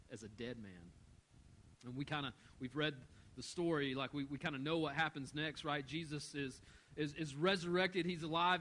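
A man's voice: mid-range voice, fairly bright tone, a little hiss or hum, poor audio. A middle-aged man preaching a sermon as pastor, telling a story and acting out the quoted voices.

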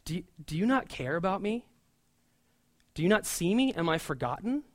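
A man's voice: high-pitched, sing-song, moderate pace, dry recording. Male preacher playing a bitter, overworked woman demanding to be noticed, dry close sound. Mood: indignant. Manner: pleading, indignant questions. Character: resentful overworked woman feeling unseen.

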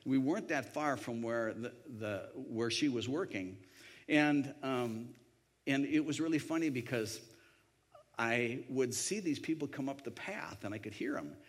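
A man's voice: medium pitch, a little slow. A man telling a personal anecdote in a rambling way, with many restarts and voiced quotes. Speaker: storyteller. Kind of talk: anecdotal storytelling.

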